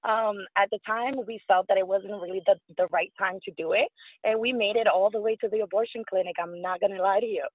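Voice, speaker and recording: A woman in her thirties from New York, telling a personal story as an interview guest, lively and acting out what others said. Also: mid-range voice, fast talker, no echo. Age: 30s. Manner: animated, acts out quoted voices, frequent fillers. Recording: tinny phone-line sound.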